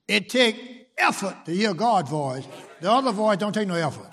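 A high-pitched man delivers a sermon. His emphatic preaching rises to loud, stressed lines and drops to quiet asides. He repeats phrases to build rhythm. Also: sing-song, normal speed, slightly rough.

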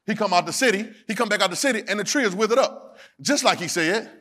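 Preacher guy with a high voice, call and response, yells and half-sings the big lines. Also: animated, fast talker, slight background noise. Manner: Southern Black church vernacular, drops verbs. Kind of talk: sermon. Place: church sanctuary.

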